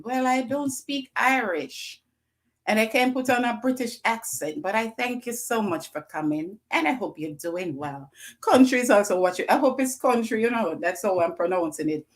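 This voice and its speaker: Effusive Jamaican woman at mid pitch, live-stream host greeting her viewers. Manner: effusive, greets viewers by name, repeats phrases. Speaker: livestream host.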